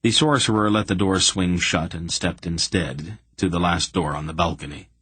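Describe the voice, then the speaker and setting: A man narrating a fantasy audiobook in a measured, deliberate reading. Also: deep voice, fairly bright tone, husky, dry recording. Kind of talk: scripted narration.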